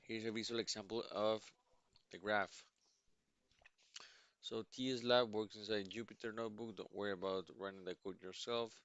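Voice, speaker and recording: Man, low smooth voice, sleepy, halting, musing aloud, muffled lo-fi audio. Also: fairly even intonation, a bit bright. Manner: halting, many restarts and fillers, musing. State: sleepy, yawning. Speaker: live-coding streamer. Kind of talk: thinking aloud while reading docs.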